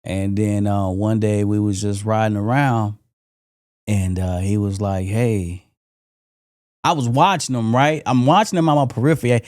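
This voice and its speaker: A middle-aged man co-hosting a talk podcast, telling a personal story in a relaxed, reflective way. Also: on the low side, moderate pace, dry recording, studio quality. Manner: relaxed, reflective storytelling with frequent "you know". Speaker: podcast co-host. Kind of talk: casual round-table chat.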